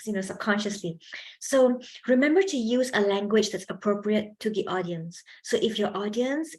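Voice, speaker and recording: A young woman giving a chatty public speaking workshop to students, asking them questions and laughing often. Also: medium pitch. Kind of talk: lively seminar talk to students.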